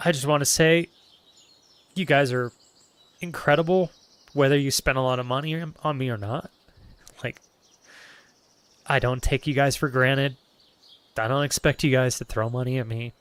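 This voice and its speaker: A male streamer, choked up and close to tears, thanking his viewers in halting, stammering bursts. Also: medium pitch, steady tone, a bit bright, clear, resonant tone. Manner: halting, restarting, stammering with emotion. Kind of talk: emotional live-stream thank-you to chat.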